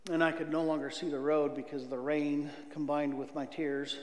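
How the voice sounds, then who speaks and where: A middle-aged man giving a church testimony, earnest, swinging from loud outbursts to near whispers. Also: a little high, flat delivery, moderate pace. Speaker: guest speaker giving testimony. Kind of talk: testimony sermon. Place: church sanctuary. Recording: echoey church hall reverb.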